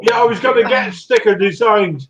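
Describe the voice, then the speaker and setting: A man's voice: high voice, a bit bright, dull audio. A tired man, teasing the host and chuckling in a casual live stream chat. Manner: teasing, chuckling, drawn-out phrases. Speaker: guest caller.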